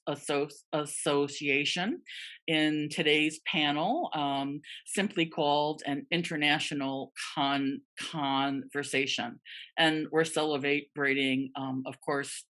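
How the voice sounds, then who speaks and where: Woman host, low bright tone, stutters on word starts, video-call panel. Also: steady tone, a little slow. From United States. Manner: stutters with repeated part-words.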